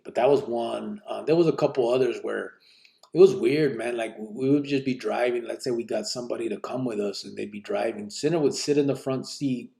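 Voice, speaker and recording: A man with a low, creaky voice hosts a live podcast, reading listener questions aloud and answering them. He tells stories casually in relaxed street slang peppered with Spanish words.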